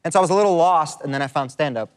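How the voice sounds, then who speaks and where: A man's voice: fairly high pitch, rapid-fire, clean tone. A man, a comedian guest on a talk show, answering in a jokey, self-deprecating way. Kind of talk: casual interview chat. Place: TV studio.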